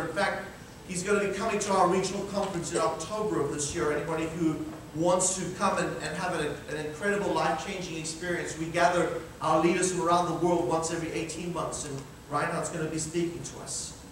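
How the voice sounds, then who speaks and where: A high-voiced man preaches in a church, recorded from far off so his voice rings through a big echoing hall with faint room noise behind. He tells his story with animated acted-out dialogue. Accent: Scottish-rooted. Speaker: pastor. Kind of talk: sermon storytelling.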